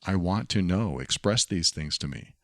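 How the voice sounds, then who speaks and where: A deep, gravelly male voice carries this solo podcast monologue. He speaks earnestly and reflectively, circling back to the same phrases as he works through his point. The sound is dry and close, with no room around it. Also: lively intonation, normal speed, a bit bright, dry recording. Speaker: podcast host.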